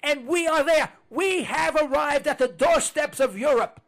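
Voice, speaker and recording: Older male talk radio host, very high gravelly voice, angry repetitive rant. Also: measured pace, fairly bright tone. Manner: ranting, repetitive, hollering at listeners.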